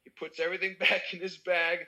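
A young American man telling a wild party story in casual chat, animated and swearing. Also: sits high, fairly quick, rough recording. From United States.

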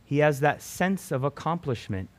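A man with a slightly high, animated voice teaches a Bible passage to students in a casual sermon at normal speed. He's conversational, restarts phrases, and keeps tacking "right?" onto his sentences.

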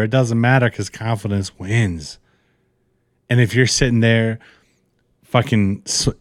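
A man's voice: medium pitch, no echo, clean studio sound. A man co-hosting a casual podcast, slurring a little as he rants in a profane, fired-up pep talk. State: slightly slurring, tipsy. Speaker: podcast co-host.

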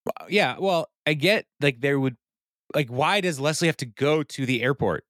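A man's voice: fairly high pitch, expressive, normal speed, a bit bright, no echo, studio quality. A man co-hosting a podcast, casually recapping scenes and briefly acting out the characters' lines. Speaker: podcast co-host.

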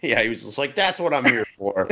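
Man, podcast co-host, casual chat, bright edgy tone, gravelly, acts out lines. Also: medium pitch, lively intonation. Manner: swears freely, acts out lines in quick put-on voices.

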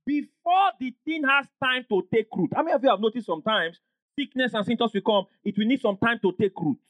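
A man preaching a sermon as pastor, emphatic, rising into shouts and call-and-response with the congregation. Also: extremely high pitch, lively intonation, fairly quick, dry recording.

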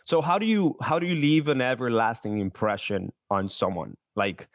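A man's voice: medium pitch, normal speed, no echo. A man hosting a podcast interview, asking questions casually and restarting his phrasing as he goes. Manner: searching, repeats words while asking. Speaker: podcast host.

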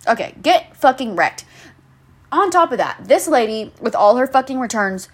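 A woman's voice: a little high, big pitch swings, normal speed, breathy edge. Profane, rambling young woman venting. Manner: profane, rambling, sarcastic, lots of fillers. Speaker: podcast host. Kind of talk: casual venting monologue.

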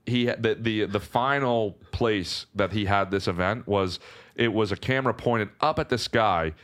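Young man, podcast guest, low voice, animated filler-heavy storytelling. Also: moderate pace. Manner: animated, many "like" fillers and restarts. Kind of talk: casual storytelling.

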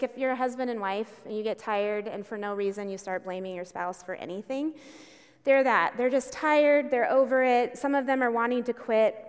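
A woman's voice: a little high, clean tone. Storytelling woman pastor in a reverberant hall. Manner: conversational storytelling, with emphatic bursts. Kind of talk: sermon. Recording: long reverb in a church hall.

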